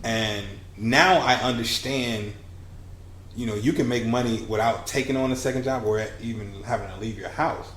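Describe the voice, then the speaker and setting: A man in his thirties, a podcast guest and business coach, telling his story in a lively conversational way and acting out the dialogue he quotes. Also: mid-range voice, normal speed. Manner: animated, acts out quoted dialogue. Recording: roomy with faint hiss.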